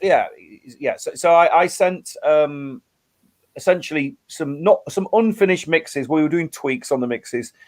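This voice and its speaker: A middle-aged Englishman with a voice pitched a little high talks in a casual interview. He is earnest and thoughtful, and often repeats words as he restarts his sentences. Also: measured pace. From England. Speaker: rock musician guest.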